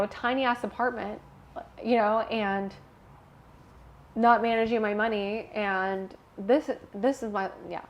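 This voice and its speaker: A young woman guest telling a personal story in a candid interview, animated and emotional, laughing at times. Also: on the high side, muffled recording.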